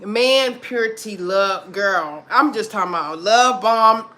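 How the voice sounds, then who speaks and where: A woman's voice: mid-range voice, measured pace. Chatty woman on a livestream. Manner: animated, laughing, addresses viewers as girl and y'all. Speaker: vlogger on a livestream. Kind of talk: chatty livestream talk with viewers.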